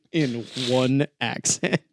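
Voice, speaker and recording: Lively, laughing male podcast co-host. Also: medium pitch, extremely slow, slight background noise. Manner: laughs often between words. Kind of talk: casual comedic chat, reading news.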